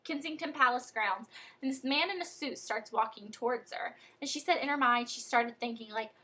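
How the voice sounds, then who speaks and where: Bright, breathy young woman telling a story. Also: fairly high pitch, normal speed. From United States. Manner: chatty and animated, many fillers like "like" and "um". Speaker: vlogger. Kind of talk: casual storytelling vlog.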